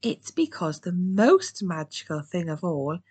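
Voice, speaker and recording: A British woman voicing a gentle, encouraging female gazelle teacher in a storybook. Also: on the low side, very animated, slightly rough, heavily acted. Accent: British English. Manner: slow, warm, sing-song.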